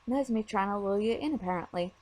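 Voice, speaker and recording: A woman's voice: medium pitch, quick pace, darkish tone. A woman talking casually over her makeup tutorial, chatty and rambling with lots of fillers.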